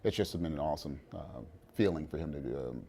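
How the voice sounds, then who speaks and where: A middle-aged man, the father of a young player, talking in a relaxed sit-down interview with many fillers and restarts. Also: a bass voice, a little fast, gravelly, breathy edge. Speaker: interview guest, father of a college quarterback.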